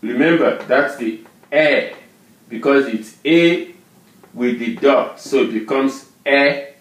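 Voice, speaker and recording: A man teaching a language lesson, drilling syllables and tones slowly and patiently. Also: medium pitch, reverberant. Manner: drills syllables and tone names, repeating words slowly. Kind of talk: slow, patient pronunciation lesson.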